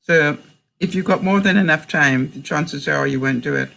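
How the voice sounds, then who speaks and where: A woman's voice: low voice, moderate pace, vocal fry, a bit bright. An older, retired woman from Canada chatting to her viewers, telling stories and reading sayings, often breaking into laughter. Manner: chatty storyteller who laughs often between sentences; reads out sayings and quotes. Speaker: vlogger. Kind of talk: casual chat to viewers.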